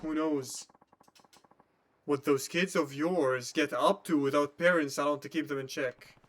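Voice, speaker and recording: A man's voice: fairly high pitch, steady tone, measured pace, a bit bright. An actor playing a condescending male schoolteacher who brushes off a worried guardian in a video game. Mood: contemptuous. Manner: cold, condescending. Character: sneering, dismissive male schoolteacher.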